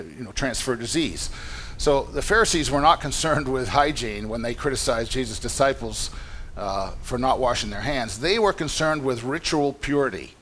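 A man's voice: mid-range voice, a bit bright, slight background noise. A man preaching a sermon in a conversational, explanatory way, often restarting his sentences. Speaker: pastor. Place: church meeting room.

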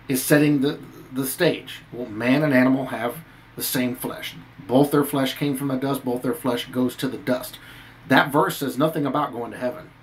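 A man's voice: medium pitch, rough recording. A man giving an earnest, preachy commentary on scripture, reading verses aloud and stressing his points. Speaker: Christian video commentator. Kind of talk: earnest scripture-based rant.

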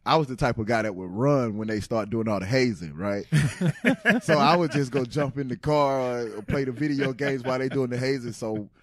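A man in his thirties from Tennessee, a former pro football player telling stories as a guest in a casual interview, animated and laughing often. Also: mid-range voice, moderate pace, dry recording.

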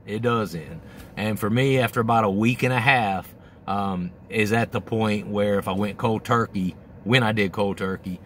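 A man's voice: fairly low pitch, fairly bright tone, a little hiss or hum. A man hosting a candid, casual monologue, swearing freely and acting out his own thoughts, middle-aged. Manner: candid, profane, acts out his own inner voice. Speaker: host.

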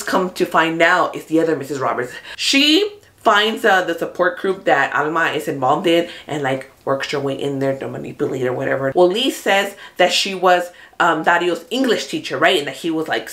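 A woman hosting a casual TV recap, talking in an animated, chatty way, swearing freely and acting out what the characters say. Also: fairly low pitch. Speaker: host of a TV recap channel. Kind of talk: casual spoilery show recap.

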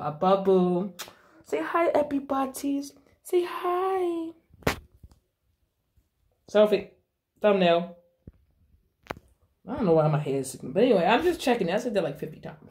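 A young adult woman chatting casually to her phone camera, swearing freely as she talks. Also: mid-range voice. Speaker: vlogger. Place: bathroom. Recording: echoey bathroom.

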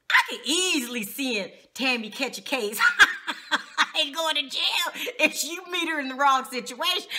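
Animated gossipy woman vlogger. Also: on the high side. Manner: gossipy, laughs often, slangy. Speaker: TV recap vlogger. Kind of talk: casual TV recap.

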